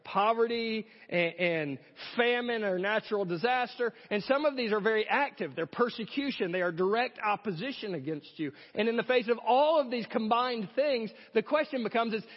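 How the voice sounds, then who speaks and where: A man with a high voice preaches an earnest sermon and poses rhetorical questions to his listeners. The sound is dull, with long reverb trailing each phrase. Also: lively intonation, normal speed, few pauses. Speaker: pastor.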